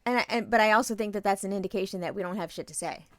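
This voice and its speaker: A woman's voice: mid-range voice, very fast, no echo. Blunt, playful woman podcast co-host. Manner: blunt, playful, swears freely, acts out quoted exchanges. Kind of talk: casual chat.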